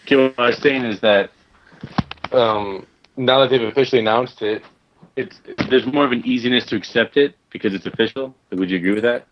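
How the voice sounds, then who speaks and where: A man's voice: medium pitch, brisk. A man co-hosting a podcast in casual chat, remote on a phone app, speaking in short interjections and brief questions. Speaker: podcast co-host. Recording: dull lo-fi line from a phone app.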